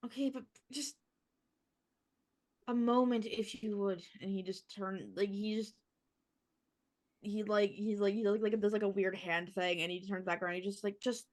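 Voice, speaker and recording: A woman playing a tabletop role-playing game, speaking haltingly with many restarts. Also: mid-range voice, steady tone. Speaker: player. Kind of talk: in-character tabletop play.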